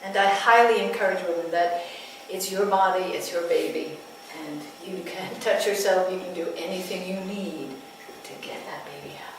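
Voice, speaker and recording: At a workshop, a woman in her sixties who works as a midwife entertains listeners with stories, laughing frequently as she goes. Her lowish voice moves at a moderate pace with hardly any pauses, captured noisily by a distant mic in a very echoey room.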